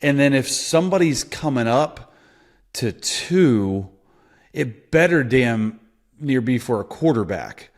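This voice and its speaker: Man, podcast co-host, rambling casual football talk, mid-pitched voice. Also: animated, slow pace. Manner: rambling, full of likes and restarts. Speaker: podcast co-host, former quarterback.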